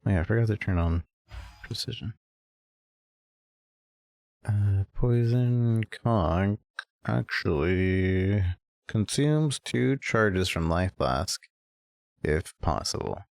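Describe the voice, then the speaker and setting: A man streaming a game with casual commentary, relaxed and muttering to himself. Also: lowish voice, slow pace, creaky, long pauses, no echo, studio quality. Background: faint game music.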